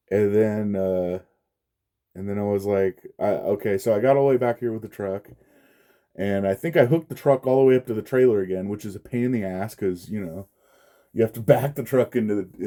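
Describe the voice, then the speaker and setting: A man's voice: lowish voice, mellow. A man telling a frustrated, profane story in a casual rant, laughing often between lines. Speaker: vlogger.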